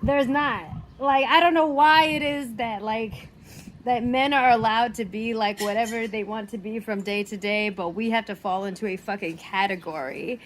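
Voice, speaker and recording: A young woman content creator in an animated, exasperated rant, emphatic and swearing often. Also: fairly high pitch, normal speed, slight background noise.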